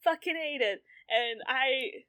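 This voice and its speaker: A woman in her late twenties chatting casually as a podcast co-host, animated and swearing a lot, often laughing through her words. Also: high voice, slow. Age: 20s. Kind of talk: casual chat.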